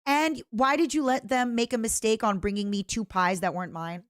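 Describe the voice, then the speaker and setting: A woman streamer chatting casually and reacting to clips, excitable and playful, squealing over cute things. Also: fairly high pitch, moderate pace, no echo, clean studio sound.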